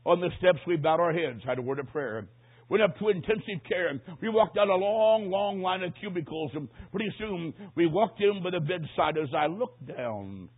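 A husky, slightly high-voiced man preaches a sermon, moving from near-whispers to loud, pressing lines. The recording sounds thin and phone-like. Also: animated, normal speed. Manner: dramatic storytelling, swings between hushed and loud. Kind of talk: sermon with a told story.

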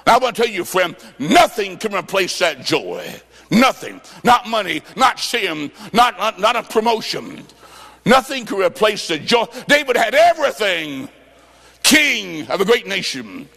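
Preacher, male, high and gravelly, storytelling sermon with sudden shouts, echoing hall. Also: very animated, a little slow. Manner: folksy storytelling with quoted dialogue and bursts of shouting.

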